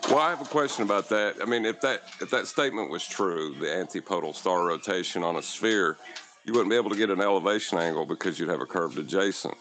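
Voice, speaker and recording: A man's voice: low voice, quick pace, fairly bright tone, a little hiss or hum, poor audio. A man in casual debate chat, talking in a hesitant, thoughtful way.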